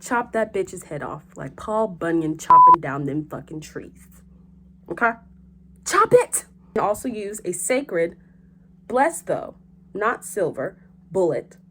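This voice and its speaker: A young woman hosting a vlog in casual chat, animated and joking, with frequent swearing. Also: medium pitch. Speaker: host.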